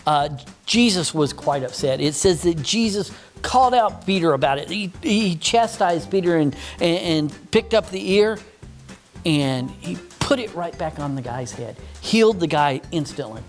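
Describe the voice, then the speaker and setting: A man's voice: fairly high pitch, expressive, measured pace, soft background music. A man teaching children a Bible story, patient and mock-stern with a puppet that keeps interrupting.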